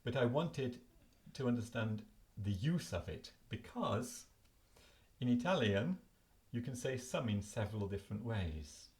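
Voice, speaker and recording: A man's voice: mid-range voice, animated, unhurried, darkish tone. An older man explaining his flashcards in a chatty, self-correcting way at home. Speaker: language learning video host. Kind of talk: casual explanatory talk to camera.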